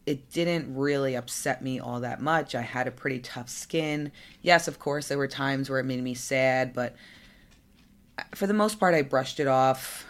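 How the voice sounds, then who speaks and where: A young adult woman hosting her own podcast, talking candidly and conversationally with fillers and asides. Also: rumbling low. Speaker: podcast host. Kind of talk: solo podcast monologue.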